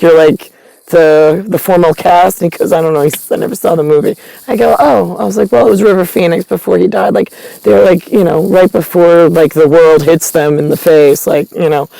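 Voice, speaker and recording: A woman's voice: on the low side, steady tone, fairly quick, vocal fry, warm tone, dry recording, rough recording. A woman telling a long, rambling personal story, retelling conversations line by line, with many fillers and restarts. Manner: retells conversations with quoted dialogue.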